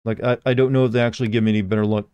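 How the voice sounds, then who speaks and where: Mellow-voiced man streaming a game. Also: on the low side, little pitch movement, very fast, clear, resonant tone, no room sound. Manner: chatty, rambling, reads chat aloud. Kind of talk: casual live-stream commentary.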